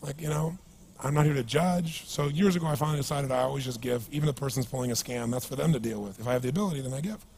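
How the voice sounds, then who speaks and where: A man giving a motivational seminar talk to a live audience, energetic and emphatic, telling stories and asking the crowd rhetorical questions. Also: mid-range voice, very fast, creaky, slight background noise. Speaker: motivational speaker.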